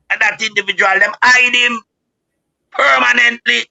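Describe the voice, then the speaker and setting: A man with a Jamaican accent, a guest speaker giving impassioned political commentary, preachy and rising to shouts. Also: on the high side, unhurried, creaky, highs cut off. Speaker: guest speaker on a live show.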